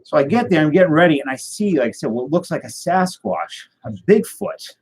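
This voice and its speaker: Husky man rambling a deadpan tall tale. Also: on the high side, brisk, rough recording. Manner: rambling, deadpan, many fillers and restarts. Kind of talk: casual tall-tale storytelling.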